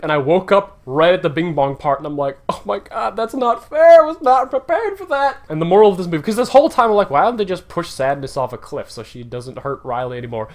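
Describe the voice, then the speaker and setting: A man giving a casual, opinionated movie countdown, blunt and ranting, his voice jumping up when he gets worked up. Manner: animated, swings up and down in pitch when worked up. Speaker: movie reviewer.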